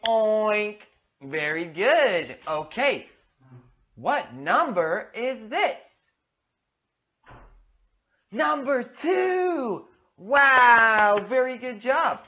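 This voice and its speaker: A rather high-voiced woman leads a young child through an English lesson, stretching every word out slowly. She piles on cheerful, sing-song praise and calls names out loudly. The recording sounds dull and a little muffled. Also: expressive. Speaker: English teacher for young learners. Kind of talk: demo of a kids' English lesson.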